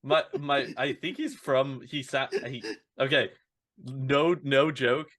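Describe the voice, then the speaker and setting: A man co-hosting a casual podcast in a relaxed, laughing way. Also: medium pitch, takes it slowly. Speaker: podcast co-host.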